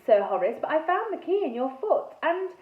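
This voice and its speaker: An apologetic young ghost girl speaks in a high, eager storybook voice, as a woman reading aloud puts her on. Her pitch jumps up and down a lot. The recording is thin like a phone, with a roomy echo. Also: sing-song, fairly quick, distant mic. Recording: tinny phone-like sound in echoey room.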